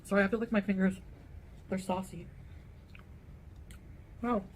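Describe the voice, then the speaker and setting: A woman chatting casually and relaxed between bites during a mukbang video. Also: medium pitch, measured pace, a little hiss or hum. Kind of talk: casual chat while eating on camera.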